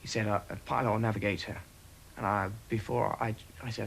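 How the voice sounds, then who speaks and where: A man who served as aircrew, recalling events in a documentary interview in a halting way, with many pauses and fillers. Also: on the low side, steady tone, vocal fry, fairly bright tone, slight background noise, poor audio. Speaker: former RAF aircrew interviewee.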